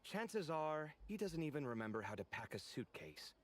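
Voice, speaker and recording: An actor playing a dramatic, fussy young male architect in a video game, expressive and sarcastic. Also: a little high, moderate pace. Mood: earnest, teasing. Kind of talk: game voice acting.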